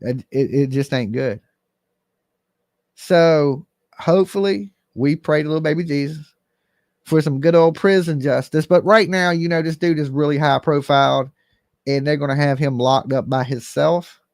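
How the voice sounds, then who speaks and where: A man's voice: on the high side, normal speed, a little mellow, dry recording, clean studio sound. A man hosting a live call-in commentary stream, talking bluntly and emphatically straight to his viewers. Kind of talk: casual livestream commentary.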